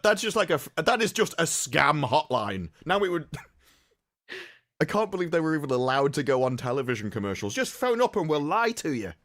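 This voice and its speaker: Animated man with a higher voice. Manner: mocking, animated, laughs through jokes. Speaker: podcast co-host. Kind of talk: casual chat.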